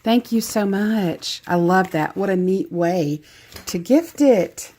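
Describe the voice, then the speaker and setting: A woman's voice: medium pitch, slow pace, dark tone. A woman with a Southern US accent chatting casually as she opens a craft gift package, gushing and laughing at herself. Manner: gushing, self-deprecating, chatty. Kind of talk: casual unboxing chat.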